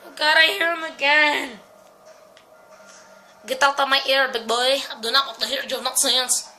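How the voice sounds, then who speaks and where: A woman's voice: high-pitched, steady tone, moderate pace, long pauses, pushed and bright, faint music behind, rough recording. A woman giving jumpy, swear-laden commentary while playing a horror game. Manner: jumpy, swearing, talks to herself. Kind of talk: let's-play commentary.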